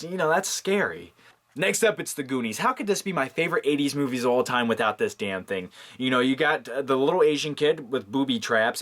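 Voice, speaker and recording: A man's voice: mid-range voice, a bit bright. A man in a casual, comedic movie vlog, jokey and rambling with lots of fillers. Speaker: movie vlogger.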